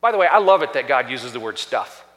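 A man pastor preaching a sermon in a church, animated and acting out scripture voices. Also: medium pitch, quick pace. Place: church sanctuary. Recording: long church-hall reverb.

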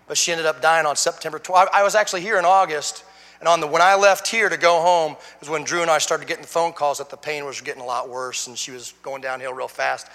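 A middle-aged man giving an emotional sermon testimony as a guest speaker, swinging from hushed to shouting. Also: on the high side, in a large hall.

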